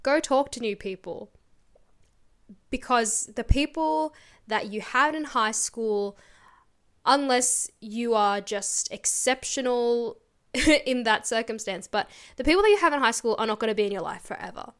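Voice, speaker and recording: Young woman, fairly high voice, emphatic storyteller, podcast co-host. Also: a little slow, a bit bright, clear, resonant tone. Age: young adult. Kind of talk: casual chat.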